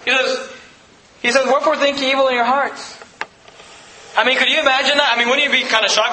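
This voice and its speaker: A man preaching a sermon to his congregation, talking to them directly and pressing each point hard. His voice sits very high and cuts through brightly. The room around him rings with echo. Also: slight background noise. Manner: emphatic, conversational preaching with quick asides. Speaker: pastor.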